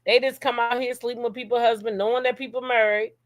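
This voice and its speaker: A woman's voice: a little high, level tone, fast, dry recording. A woman hosting a casual gossip commentary show. She talks straight at her viewers, blunt and profane, and keeps checking in with "okay?". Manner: reads a long text message aloud.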